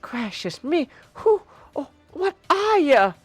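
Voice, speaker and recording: A man's voice: extremely high pitch, very animated, slow pace, dry recording, faint music behind, pitched above the performer's own voice, full character voice. A man voicing a sweet-talking young female rabbit fighter who calls people sugar, in a comic read on stream. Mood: reassuring.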